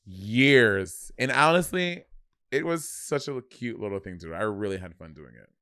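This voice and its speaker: A man's voice: on the low side, animated, moderate pace, bright, forceful tone, clean tone, dry recording, studio quality. A man with a New York accent co-hosting a podcast, brash and profane, teasing in street slang. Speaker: podcast co-host. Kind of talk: casual podcast banter.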